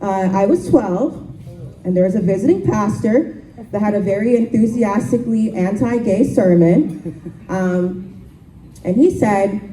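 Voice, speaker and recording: Young woman stand-up, laid-back deadpan delivery, dark timbre, heard from across an echoey club. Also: mid-range voice, measured pace, far from the mic, a little hiss or hum. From Haitian family. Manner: casual, deadpan, lots of ums and likes. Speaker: stand-up comedian. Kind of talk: stand-up comedy set. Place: comedy club stage.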